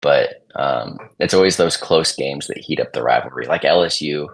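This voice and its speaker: Very deep, husky-voiced man chatting. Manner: deliberately subdued, near-monotone delivery. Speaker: podcast guest. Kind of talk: casual chat.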